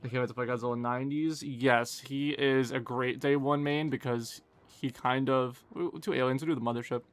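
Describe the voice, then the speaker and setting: A young man, streaming a game live and chatting casually and quickly with his viewers, joking at his own expense. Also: mid-range voice, fairly even intonation. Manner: fast, casual, self-deprecating chatter. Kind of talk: live gameplay commentary and chat Q&A.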